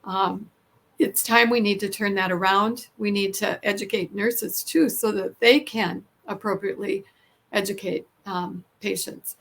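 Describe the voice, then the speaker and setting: A woman's voice: medium pitch, steady tone, unhurried, gravelly, fairly bright tone. A woman who is a nurse hosting a podcast, talking earnestly in a casual interview with frequent fillers and restarts.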